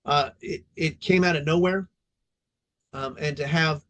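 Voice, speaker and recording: Blunt, cursing middle-aged man. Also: on the high side. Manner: emphatic, profane, blunt. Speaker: fire department veteran guest. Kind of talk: casual podcast storytelling.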